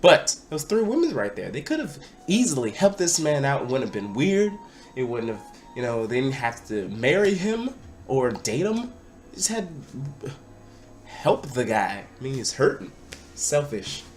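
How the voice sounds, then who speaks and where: Young adult male vlogger, casual excitable storyteller, mid-range pitch, light music bed. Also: moderate pace. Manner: animated, excitable, breaks into loud acted-out quotes.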